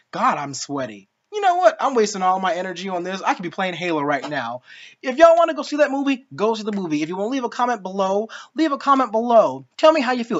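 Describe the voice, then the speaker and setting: A woman giving a casual spoken film review, ranting in an exasperated, profane way. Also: medium pitch. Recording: dull lo-fi sound.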